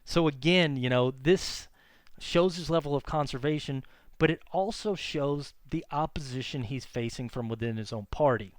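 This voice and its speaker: A male history teacher giving a conversational classroom lecture, full of fillers and quick self-corrections. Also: mid-range voice, no echo.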